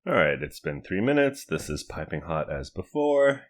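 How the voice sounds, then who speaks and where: A man with a low voice, talking at normal speed, casually reviews snack food to camera. Relaxed and chatty, he thinks aloud as he cooks and tastes.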